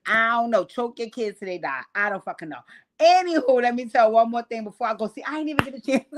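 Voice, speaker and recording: Animated, profane woman telling stories. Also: fairly high pitch, fast talker. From New York. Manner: animated, profane, laughs through her stories. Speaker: host. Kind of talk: casual storytelling to a live audience.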